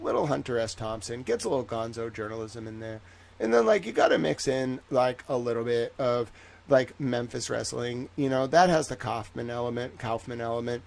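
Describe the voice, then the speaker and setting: A man hosting a livestream in a rambling, jokey way, swinging between loud bursts and soft asides. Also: medium pitch, creaky. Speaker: livestream host. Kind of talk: casual livestream chat.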